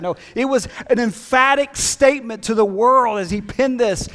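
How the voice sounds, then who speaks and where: A man's voice: extremely high pitch, moderate pace, few pauses, sharp tone, in a large hall. A man preaching a sermon as pastor, conversational and emphatic, with casual asides. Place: church hall.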